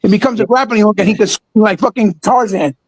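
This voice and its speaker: A man's voice: sits high, fast, dry recording, rough recording. A man co-hosting a casual gaming chat, ranting and swearing in exasperation. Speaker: podcast co-host.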